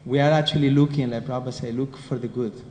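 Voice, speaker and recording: A Spanish-accented man teaches a devotional scripture class, speaking conversationally and often putting questions to his listeners. His mid-range voice is darkish and fairly even, with a quick pace. The recording has a roomy hall echo with faint noise.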